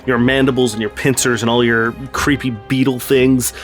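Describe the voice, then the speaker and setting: A man's voice: medium pitch, flat delivery, moderate pace, soft background music. A man running a tabletop game as game master, narrating loosely with many fillers.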